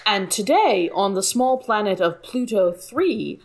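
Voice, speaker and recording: This is a stiff, self-important television news anchor, as a man at the table puts him on. He reads in a slow, measured newsreader cadence, slightly high in pitch. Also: expressive, exaggerated voice. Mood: mock-serious.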